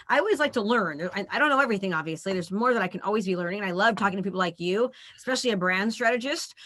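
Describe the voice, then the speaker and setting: A woman hosting an interview, talking in an eager, emphatic way with quick restarts and sounding tired and yawning. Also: medium pitch, a bit bright. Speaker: podcast host. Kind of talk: casual interview chat.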